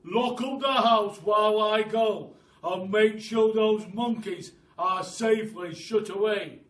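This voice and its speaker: A man's voice: sits high, slow, a bit bright, voice pushed up. A man voicing Mr Twit, a cruel, bossy old man who barks his orders. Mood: barking orders. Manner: barking, commanding. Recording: echoey room, mic at a distance.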